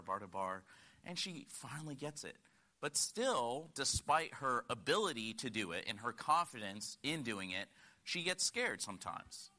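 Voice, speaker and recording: A man in his thirties from Connecticut preaching a sermon, telling stories earnestly, rising to emphatic points and dropping to quiet asides. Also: lowish voice. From United States (Connecticut). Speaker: guest preacher.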